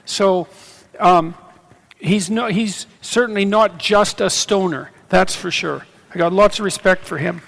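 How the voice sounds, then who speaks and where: A middle-aged man from Canada with a high, gravelly voice, answering audience questions on stage in a halting, stop-start way. His voice rings out through the long reverb of a big lecture hall. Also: fairly bright tone. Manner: halting, restarts often, laughs easily. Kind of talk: live on-stage Q&A.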